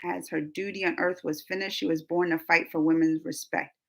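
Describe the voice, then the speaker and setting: A woman hosting a live-stream chat, reading viewer comments aloud and answering them in a lively, talkative way with frequent laughter. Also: lowish voice, a little fast, gravelly. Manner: animated and chatty, laughs often, gasps. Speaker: reaction channel host.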